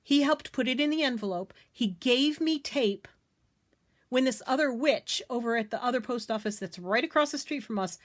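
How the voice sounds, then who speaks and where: Middle-aged American woman, higher voice, craft vlogger venting to camera, emphatic and indignant. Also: moderate pace. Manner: animated, indignant, emphatic repetitions. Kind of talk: casual ranting story to camera.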